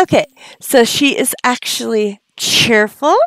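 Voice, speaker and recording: A woman's voice: fairly high pitch, animated, slow, creaky, background noise. A woman giving casual gameplay commentary, chatty, often gasping and cooing at the game characters. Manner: gasps often. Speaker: let's play host.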